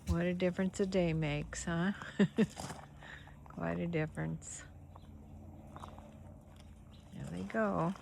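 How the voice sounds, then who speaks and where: A woman filming her farm animals, chatting casually and talking to them in a gentle, coaxing voice. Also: lowish voice, steady tone, unhurried, vocal fry. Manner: gentle baby-talk to animals, frequent soft laughs. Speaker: farm vlogger. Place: outdoors on a small farm. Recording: outdoor farm noise, animals behind. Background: animal sounds and outdoor ambience.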